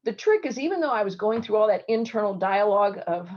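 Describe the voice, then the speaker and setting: A middle-aged woman surgeon giving interview advice in an online talk, telling stories lively and acting out the people she quotes. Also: medium pitch, quick pace. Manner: lively storytelling with acted quotes. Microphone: video call. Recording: dull lo-fi video call audio.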